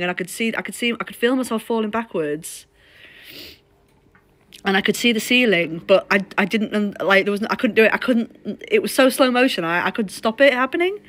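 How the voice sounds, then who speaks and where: A woman's voice: fairly high pitch, animated, moderate pace, long pauses, fairly bright tone. A woman live-streaming while shaken and trembling after a fall, talking in rambling, repeated, restarting bits with some swearing, from the floor of her home. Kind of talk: unscripted live-stream talk.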